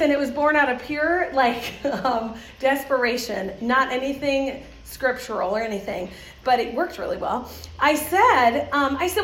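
A high-pitched woman addresses a church crowd, telling lively stories and laughing often as she acts out quoted voices. Her voice rings through a roomy, echoing hall, with a faint hum behind her. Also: moderate pace. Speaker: children's ministry speaker. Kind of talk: talk to a church audience, with anecdotes. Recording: roomy echoey hall sound.

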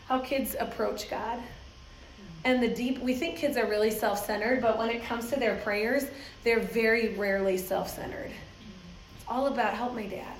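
A woman's voice: fairly high pitch, slight background noise. A woman giving a church talk about children's ministry, telling stories with frequent laughter and acting out the voices of people she quotes. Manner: lively, laughs often, acts out voices in quotes. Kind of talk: talk to a church audience, with anecdotes. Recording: roomy echoey hall sound.

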